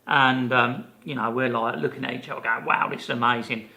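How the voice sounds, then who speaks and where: Gravelly older man telling stories. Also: mid-range voice, fairly quick. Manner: animated anecdote teller, many fillers and restarts. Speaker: podcast co-host. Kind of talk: casual storytelling chat.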